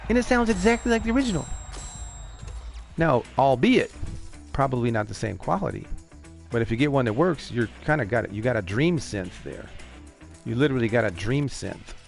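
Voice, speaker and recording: A man chatting casually on a livestream, rambling, profane and eager. His voice has a gravelly rasp at mid pitch. Music plays clearly under his talk. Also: expressive, fairly quick. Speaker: streamer. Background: music playing.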